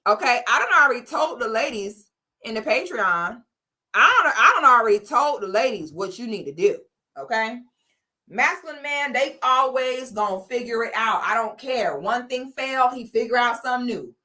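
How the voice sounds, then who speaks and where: A woman's voice: a little high, expressive, moderate pace, pushed and bright. Blunt, slangy woman hosting a livestream. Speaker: host. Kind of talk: livestream commentary.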